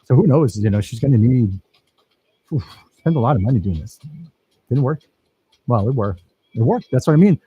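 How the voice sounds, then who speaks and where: A man's voice: mid-range voice, expressive, normal speed, pauses often, husky, muffled recording. A man teaching a filmmaking workshop, talking casually and enthusiastically over his own footage and praising his students.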